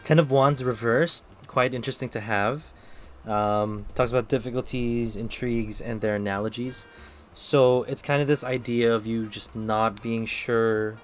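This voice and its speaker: A man's voice: medium pitch, steady tone, unhurried, slight background noise. A man streaming live, giving casual tarot readings and chatting with viewers, thinking aloud with lots of fillers. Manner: talks to chat between readings.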